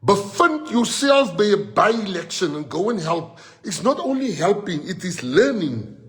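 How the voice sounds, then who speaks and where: A man's voice: high-pitched, big pitch swings, unhurried, soft background music. A middle-aged South African man giving a live-streamed rallying talk to party members, switching between Afrikaans and English and telling stories. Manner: mixes Afrikaans and English, storytelling.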